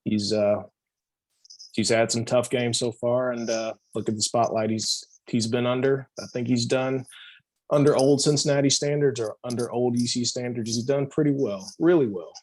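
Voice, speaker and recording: Guest, male, from Ohio, mid-range voice, relaxed chatty answers full of fillers. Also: mid-range voice, normal speed, low-quality recording. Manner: easygoing, filler-heavy answers. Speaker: podcast guest. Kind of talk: casual sports chat.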